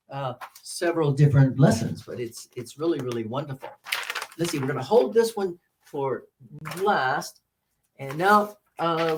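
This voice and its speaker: A man giving a workshop on teaching English pronunciation, repeating words slowly and counting syllables aloud. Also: on the high side, a little mellow, a little hiss or hum. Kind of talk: teacher-training workshop talk. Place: presentation room with a mic.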